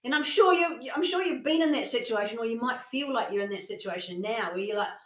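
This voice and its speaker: A woman presenting a motivational masterclass, telling stories in an animated way and acting out the quotes. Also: on the high side, fairly quick, echoey room, rough recording. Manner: animated storytelling with acted-out quotes. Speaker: workshop presenter.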